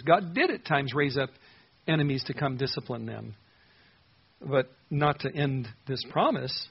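A man's voice: a little high, brisk, slightly rough, dull audio. A man preaching a sermon, earnestly reading scripture verses aloud and explaining them. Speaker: pastor.

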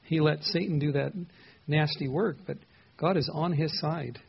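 Husky-voiced pastor teaching scripture. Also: male voice, on the high side, steady tone, moderate pace, lo-fi sound. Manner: conversational, asks the listeners questions, repeats words. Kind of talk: expository Bible teaching.

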